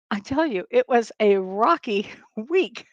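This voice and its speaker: A woman's voice: fairly high pitch, lively intonation, takes it slowly, no room sound, dull audio. An older woman hosting a casual livestream as a spiritual medium, telling stories with frequent laughter and rambling restarts. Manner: chatty storyteller, laughs often, rambling restarts. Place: home livestream. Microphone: webcam or streaming mic.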